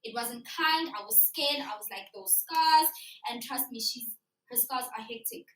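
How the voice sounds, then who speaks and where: Young female storyteller, high-pitched and animated, performs her story live in a roomy hall. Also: normal speed. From South Africa. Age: young adult. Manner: animated, acts out her younger self and teacher. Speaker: student storyteller. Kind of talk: staged personal storytelling. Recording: echoey hall from far off.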